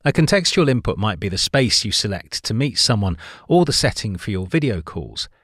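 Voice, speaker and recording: Lively low-voiced male book narrator. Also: no echo, studio quality. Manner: clear, measured delivery with emphatic rises on signpost words. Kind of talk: scripted narration of a book summary.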